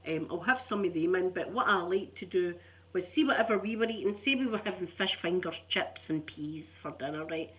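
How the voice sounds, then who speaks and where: A woman's voice: fairly low pitch, a little fast, a bit bright. A middle-aged woman with a Scottish accent, rambling in casual chat as an ASMR channel host, chatty and self-mocking. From Scotland.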